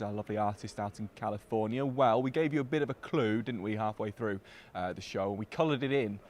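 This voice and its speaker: A man hosting a live show from tennis court stands, brisk and upbeat. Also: fairly low pitch, darkish tone, a little hiss or hum. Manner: brisk, upbeat presenter patter. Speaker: host.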